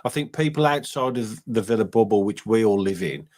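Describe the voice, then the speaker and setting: A man's voice: fairly low pitch, lively intonation, brisk. A man hosting a casual football fan phone-in, chatting and bantering. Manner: chatty, laughs easily, warm banter. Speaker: podcast host.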